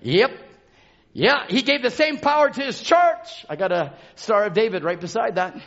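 A man preaching a fervent sermon in a church, shouting and calling out to the congregation. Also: high-pitched, expressive, normal speed, vocal fry, muffled recording. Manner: shouting, call-and-response exhortation. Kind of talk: fervent Pentecostal-style sermon. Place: church sanctuary.

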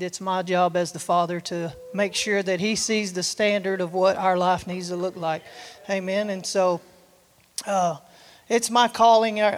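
A man preaching a sermon to his church, earnest and encouraging, often asking "amen". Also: high voice. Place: church sanctuary. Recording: church hall reverb.

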